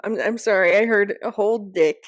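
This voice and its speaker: A woman's voice: mid-range voice, brisk, no echo. A woman co-hosting a podcast, laughing a lot and blurting guesses during a party game. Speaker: podcast co-host. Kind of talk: casual chat, party game.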